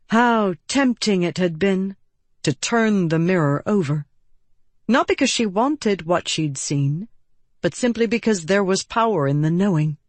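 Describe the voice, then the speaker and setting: A woman reading an audiobook in calm, measured scripted narration. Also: lowish voice, dry recording.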